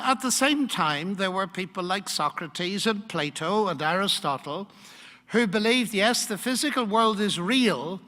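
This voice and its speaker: An older man giving a public lecture in a university hall, measured and emphatic, posing rhetorical questions. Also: sits high, pushed and bright. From United Kingdom. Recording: long hall reverb.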